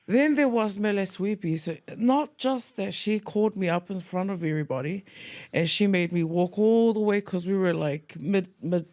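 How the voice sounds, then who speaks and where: A woman, co-hosting a podcast, telling school stories in a casual, lively way, acting out quoted voices and mixing in Tongan words. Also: mid-range voice, moderate pace. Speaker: podcast co-host. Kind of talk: casual storytelling chat.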